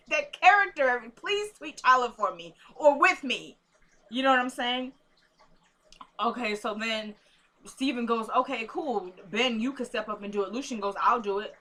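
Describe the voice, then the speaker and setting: A woman casually recapping a TV episode, acting out characters' lines in an animated, chatty way. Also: fairly high pitch. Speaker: TV recap host.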